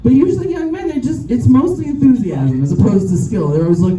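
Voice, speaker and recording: A woman's voice: on the high side, lively intonation, a little fast, warm tone. A middle-aged woman performing a brash, profane stand-up comedy set with crowd work. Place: rooftop bar show with a live audience. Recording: echoey, distant mic, crowd noise.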